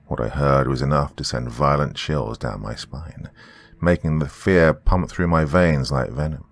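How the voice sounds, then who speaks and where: A man hosting a horror podcast, narrating a first-person horror story in a slow, brooding way. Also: very deep voice, creaky.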